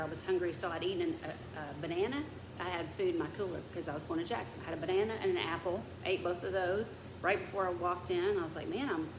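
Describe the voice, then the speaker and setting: Rambling woman vlogger, echoey room. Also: on the low side. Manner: rambling storyteller who vents and drops to a whisper. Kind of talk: casual chat. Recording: echoey room with background noise.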